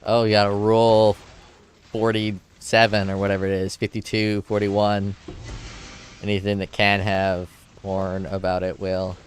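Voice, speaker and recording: Low-voiced crude joking streamer man. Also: monotone, unhurried, a little hiss or hum. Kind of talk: casual stream chat.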